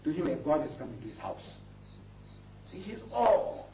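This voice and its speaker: A man's voice: fairly high pitch, very animated, moderate pace, warm tone. An older man, lecturing an audience as a Muslim preacher, impassioned and rising to indignant outbursts. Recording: echoey hall, distant mic, faint noise.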